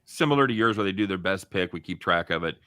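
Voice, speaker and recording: A man's voice: deep voice, quick pace, clean tone, dry recording, clean studio sound. A man on a sports betting show as guest, chatting casually and telling anecdotes with some swearing. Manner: relaxed, swears freely, tells anecdotes. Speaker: guest handicapper. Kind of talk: casual chat.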